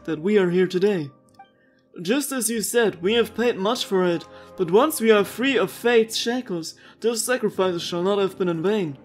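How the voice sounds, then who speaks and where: A woman's voice: medium pitch, close to an everyday voice. A woman reading out the lines of a solemn servant devoted to a god-ruler, in her own voice. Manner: reads the lines aloud at an even, formal pace.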